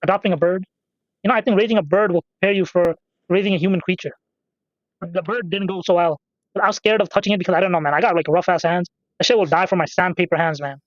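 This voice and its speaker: A man's voice: high voice, fairly even intonation, fast, no echo, highs cut off. A man casually rambling through profane, off-topic stories while commenting on a game he is playing. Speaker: gaming channel host.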